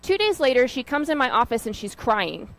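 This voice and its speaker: A woman's voice: a little high, very animated, a little fast, poor audio. A woman giving an informal sermon, talking in a conversational, storytelling way with fillers and asides. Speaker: lay preacher.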